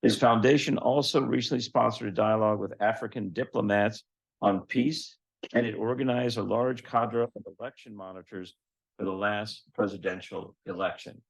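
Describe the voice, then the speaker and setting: A man hosting a lecture event, giving a measured formal introduction of a guest speaker with light humorous asides. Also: fairly low pitch, fairly even intonation, gravelly, poor audio.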